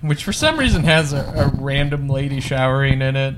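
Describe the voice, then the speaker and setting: A man co-hosting a casual movie podcast, laughing often and acting out scenes in quick put-on voices. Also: medium pitch, animated, background noise. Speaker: podcast co-host. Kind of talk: casual film review chat.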